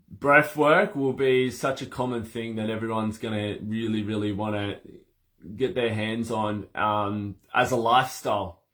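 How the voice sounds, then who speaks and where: A man coaching breath work in a casual conversation, animated and laughing as he acts out little scenes. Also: mid-range voice.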